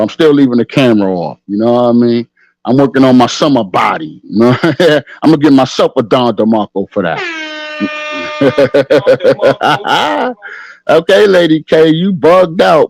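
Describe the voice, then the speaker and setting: A middle-aged man hosts a casual livestream podcast from home with his camera off, reading the chat, laughing often, and saying "you know what I mean" after nearly every line. His voice is medium-pitched and a little mellow. There's no room sound, but the recording is rough.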